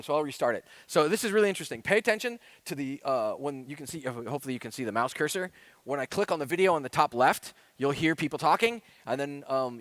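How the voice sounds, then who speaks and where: A man's voice: mid-range voice, fairly bright tone, no echo. Chatty male conference speaker, dry sound. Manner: rambling, filler-heavy, chatty. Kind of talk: casual conference talk.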